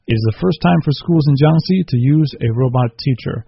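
A man's voice: medium pitch, fairly quick, gravelly, husky, no room sound, highs cut off. A man reading news and discussing it thoughtfully as a radio co-host.

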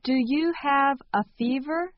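A woman reading short phrases calmly, with careful enunciation, for a language lesson. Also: sits high, slow pace, no echo. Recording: dull, lo-fi sound.

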